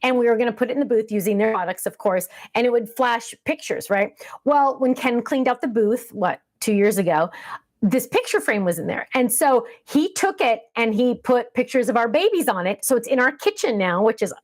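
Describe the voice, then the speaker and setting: A woman's voice: on the high side, lively intonation, moderate pace. A woman in her fifties hosting a casual craft livestream chat, rambling and easily sidetracked, with many ums.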